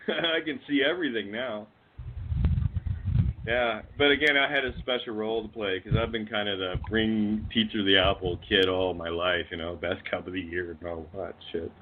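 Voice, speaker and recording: This lowish, fairly even male voice with a Canadian accent comes through a phone line with tinny audio and slight background noise. Speaking at a normal pace as a guest on a call-in radio program, he rambles, curses, and breaks into laughter mid-rant.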